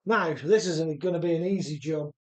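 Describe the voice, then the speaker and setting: Reading viewer comments aloud and laughing often, this man hosts a radio-controlled car live stream in his home workshop. His pitch is fairly high, his speed normal, and his chat easygoing.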